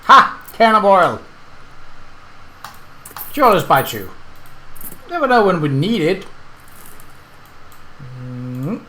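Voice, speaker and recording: A man casually commenting on his gameplay and reading the game's text aloud, chatty and quick to correct himself. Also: high voice, big pitch swings, fairly bright tone. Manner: chatty, self-correcting, laughs at the game. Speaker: let's play host.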